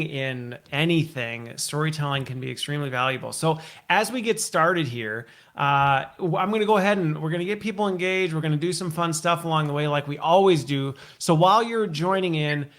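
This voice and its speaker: A man's voice: on the high side, fairly bright tone. Upbeat man hosting a live show. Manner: upbeat, laughs often, playful teasing. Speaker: host. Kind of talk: casual live show chat.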